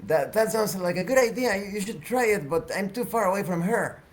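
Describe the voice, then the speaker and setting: A man's voice: sits high, lively intonation, brisk, pitched above the performer's own voice. A man voicing Arisa, a nervous female crew member who stammers and repeats words in a tabletop game. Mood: anxious.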